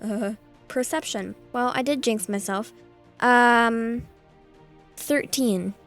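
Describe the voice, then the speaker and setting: Slow, hesitant woman player. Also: fairly high pitch, a bit bright, soft background music. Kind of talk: playing a tabletop game.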